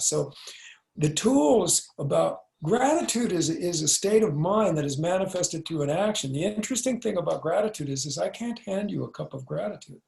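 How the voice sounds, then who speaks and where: Male podcast guest: easygoing street-slang talker, gravelly tone, pitched a bit high. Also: animated, moderate pace, a little mellow, rough recording. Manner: laid-back slangy, says "dig, man". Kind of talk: conversational explaining.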